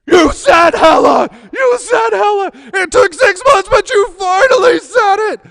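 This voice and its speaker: Man putting on a gruff, teasing army boss. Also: darkish tone, no room sound, studio quality. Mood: gleeful shouting. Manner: slow, low, teasing drawl.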